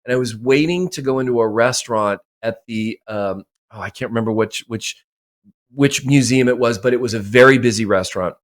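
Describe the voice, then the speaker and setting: A man's voice: medium pitch, brisk. A man speaking as a podcast guest and mindset coach, talking emphatically and repeating phrases for effect. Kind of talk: motivational interview talk.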